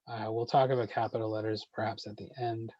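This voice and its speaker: A man leading an online poetry workshop, answering questions in a measured way with frequent ums and uhs. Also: fairly low pitch, level tone, a little mellow, no echo, highs cut off.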